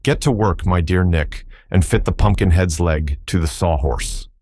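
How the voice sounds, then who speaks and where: Brief: a gentle, self-satisfied scarecrow, musing and mild, read by a man. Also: low voice, moderate pace, husky, no echo, clean studio sound. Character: gentle male straw scarecrow, proud of his brains.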